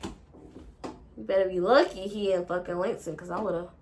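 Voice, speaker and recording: A woman's voice: on the low side, steady tone, unhurried, slight background noise. Rambling woman telling a breakup story. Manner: rambling, emotional, swears a lot. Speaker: vlogger. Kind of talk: casual storytime.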